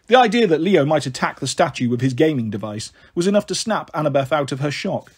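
A man narrating a storybook in a steady reading voice. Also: fairly high pitch, quick pace, few pauses, slightly rough. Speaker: audiobook narrator.

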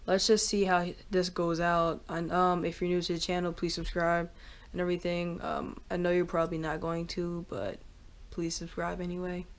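A woman vlogging casually, rambling with many fillers and getting excitable. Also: fairly low pitch, moderate pace. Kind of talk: casual reaction vlog.

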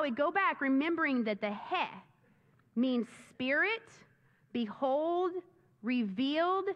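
A woman pastor preaching a sermon in an animated, enthusiastic way. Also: sits high. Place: church sanctuary. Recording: dull sound with long reverb in a church.

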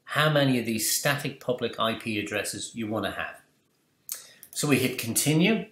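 A man walks through software on a screen recording, explaining in a conversational way and raising questions only to answer them himself. He speaks at a moderate pace in a mid-range voice, with a roomy echo around him.

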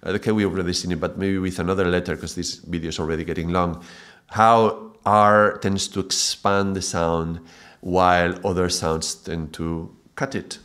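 Low-voiced man teaching mantra, reflective. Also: normal speed. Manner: reflective, builds to excited laughing bursts. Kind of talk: spoken video lesson.

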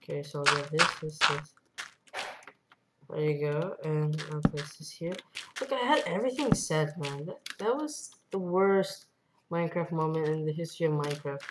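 A woman giving casual let's-play commentary, rambling along and bursting into excited yelps. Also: deep voice, moderate pace. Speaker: gameplay commentator. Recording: noisy home computer mic.

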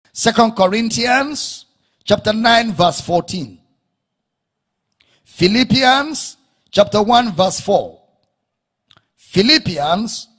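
Male preacher, very high husky voice, slow delivery with bursts of shouting and chanted emphasis. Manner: preaching with sudden shouts and sing-song rises, drawing out key words. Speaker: pastor. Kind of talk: sermon.

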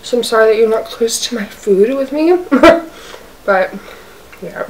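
A woman's voice: a little high, lively intonation, measured pace, darkish tone. Chatty woman vlogging from across the room. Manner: chatty, fills speech with "like". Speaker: mukbang vlogger. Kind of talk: casual chat while eating. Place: apartment, by her bed. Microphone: camera's own mic, zoomed out. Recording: distant camera mic, faint hiss.

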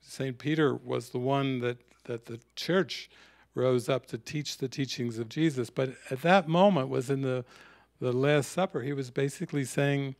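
A man's voice: medium pitch, unhurried. A man teaching a spiritual retreat, telling stories and reflecting in a sermon-like talk. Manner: storytelling, reflective, quotes scenes.

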